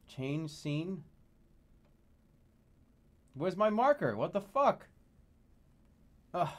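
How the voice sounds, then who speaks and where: A man streaming a video game, reacting loudly, swearing and laughing at what happens on screen. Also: high-pitched, very animated, drawn-out words. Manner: loud, exasperated, swearing and laughing. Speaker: streamer playing video games. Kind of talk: gaming commentary.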